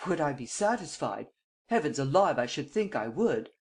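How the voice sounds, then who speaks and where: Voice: medium pitch, very animated. A reader voicing a blustering, impatient French premier. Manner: blustering, quick to exclaim.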